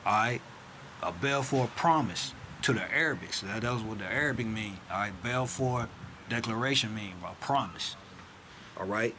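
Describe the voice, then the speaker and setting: A man's voice: fairly low pitch, moderate pace, sharp tone, a little hiss or hum. A man teaching informally, reading documents aloud and stopping to ask rhetorical questions. He keeps checking in with "all right?", "man" and "see that?" in street-casual grammar. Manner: rhetorical questions answered himself. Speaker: self-styled teacher.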